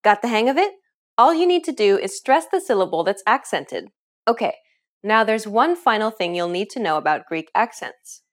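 A woman narrating a scripted language lesson, explaining clearly and upbeat, asking the learner questions. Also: medium pitch, lively intonation, moderate pace. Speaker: language teacher.

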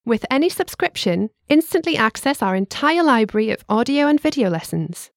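Higher-voiced woman co-hosting a language lesson. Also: sing-song, no echo, studio quality. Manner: bright, clear teacherly delivery, slowing to spell words.

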